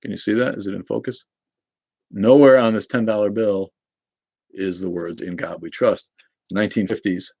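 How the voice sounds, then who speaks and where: Man, deep voice, dry sound, casual livestream host, rambling, swears, reads chat. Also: fairly even intonation, normal speed, long pauses, a little mellow, dry recording. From Boston, New England. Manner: rambling, profane, answers chat comments.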